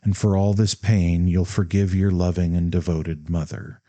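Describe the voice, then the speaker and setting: A man's voice: low-pitched, little pitch movement, moderate pace, warm tone, dry recording, natural voice. Man reading as a tender devoted mother. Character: tender, devoted middle-aged mother writing to her son.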